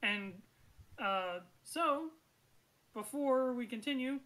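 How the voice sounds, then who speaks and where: A woman running a tabletop game as game master, narrating in a relaxed, chatty way. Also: on the high side, a little slow, low-quality recording.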